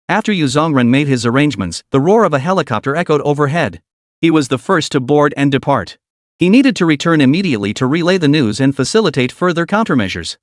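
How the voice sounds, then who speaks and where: Guy reading a novel out loud, steady and even, bouncy pitch, dead dry sound. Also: fairly quick, dry recording. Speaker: audiobook narrator. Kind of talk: scripted narration.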